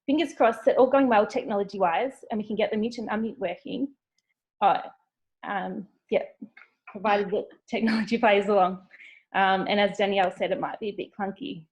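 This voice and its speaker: Woman giving a measured welcome speech. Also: medium pitch. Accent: Australian. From Australia. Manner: warm, measured formal address. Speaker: co-founder and host. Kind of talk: welcome speech on a video call. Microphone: video call.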